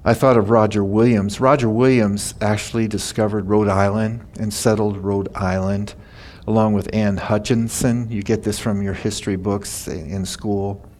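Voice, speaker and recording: A man's voice: fairly low pitch, little pitch movement, normal speed, a little mellow, slight background noise. An older man preaching a sermon, telling stories in a folksy, chatty way. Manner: folksy storytelling, laughing at his own stories. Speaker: pastor.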